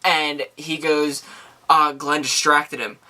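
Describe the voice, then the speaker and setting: A man's voice: a little high, little pitch movement, slow pace, bright, forceful tone. A man co-hosting a casual podcast, chiming in with jokes while recapping a TV episode. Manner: jokey, chimes in with quips. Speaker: podcast co-host.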